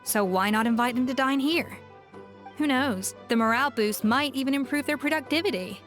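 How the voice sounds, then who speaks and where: A composed game chef. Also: female voice, sits high, normal speed, a bit bright. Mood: courteous. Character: composed female chef, polite and businesslike. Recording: game audio with music.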